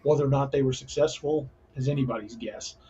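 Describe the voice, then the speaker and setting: A man's voice: mid-range voice, brisk, warm tone, husky, dull audio. A man hosting a casual paranormal podcast, talking earnestly and restarting his sentences often. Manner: rambling, frequent restarts, earnest. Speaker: podcast host.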